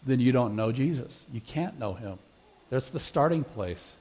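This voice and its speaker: A man's voice: medium pitch, lively intonation, moderate pace, darkish tone, breathy edge, in a large hall, rough recording. A man preaching a sermon with an invitation, quoting scripture emphatically and pressing his listeners with questions. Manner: emphatic, rising on scripture quotes.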